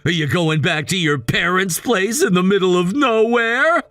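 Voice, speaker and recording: A man voicing a controlling, scornful husband in a text-message story, dismissive and given to shouting. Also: high voice, moderate pace, no echo, studio quality, faint music behind. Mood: angry, scornful. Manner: bossy and dismissive, shouting at times.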